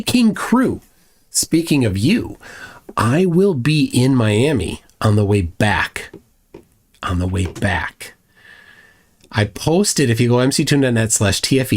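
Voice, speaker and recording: A man hosting a livestream, blunt and mocking, commenting sarcastically and reading viewer chats aloud with frequent restarts. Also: mid-range voice. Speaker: livestream host.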